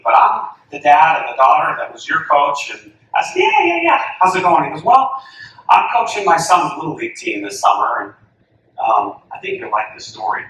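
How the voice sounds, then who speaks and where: A man, a softball coach, tells an animated story to an audience and acts out each voice he quotes. His voice is bright and forceful. He sounds a little far from the mic in a big, echoey hall with faint room noise. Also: a little high. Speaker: softball coach giving a talk.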